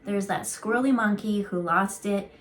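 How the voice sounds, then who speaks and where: A woman's voice: medium pitch, normal speed. A woman giving a casual channeled card reading as an intuitive, talking in a rambling, chatty way with casual swearing.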